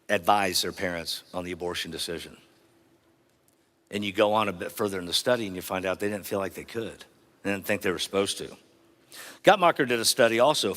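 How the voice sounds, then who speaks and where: A man's voice: on the low side, a bit bright. A middle-aged man giving a motivational keynote speech in an earnest, rhetorical manner, drawing the audience in. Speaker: keynote speaker.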